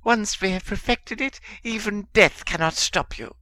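A man's voice: high voice, a little slow, bright, forceful tone, no echo, voice pushed up. A cringing, simpering servant wizard with a thin, raised voice. He fawns and pleads with his master in an audiobook-style fan reading, voiced by a man. The sound is close and dry.

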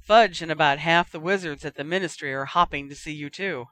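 An easygoing teenage boy talks in an offhand, joking way, as the reader puts him on. The voice is bright and smooth, recorded dry and close for a storybook reading. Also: mid-range voice, a little fast, no echo, lightly acted. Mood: casual.

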